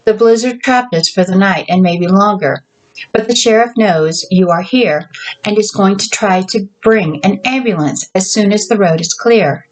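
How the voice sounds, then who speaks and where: A feisty, practical woman who carries the mail talks in a brisk, matter-of-fact way, voiced by a woman reading her own story. Her voice sits at an ordinary middle pitch. It is a plain storybook reading. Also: natural voice, low-quality recording. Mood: calm, firm.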